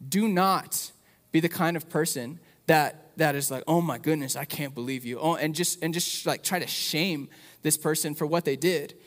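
Passionate pastor in an echoing hall. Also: male voice, fairly high pitch. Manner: passionate, repeats words, builds to rising emphasis. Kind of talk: sermon and prayer. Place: church.

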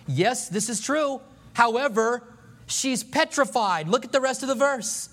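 A pastor giving a sermon, telling the story in an animated, joking way and acting out the scenes. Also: male voice, very high voice, a little slow.

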